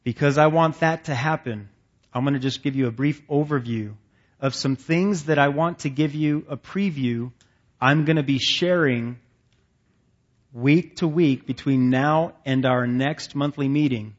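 A man preaching to a men's gathering in a relaxed, folksy tone, joking at his own expense between points. His voice sits at an ordinary middle pitch. The live recording sounds a bit dull and muffled. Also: unhurried. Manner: folksy, conversational, self-deprecating preaching. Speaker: men's ministry leader.

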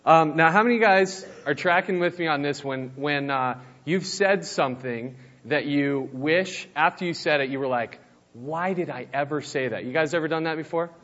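A man's voice: a little high, normal speed, few pauses, fairly bright tone, lo-fi sound. A young man from New Mexico, a youth pastor giving a casual sermon with easygoing, self-deprecating storytelling. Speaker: youth pastor, guest speaker.

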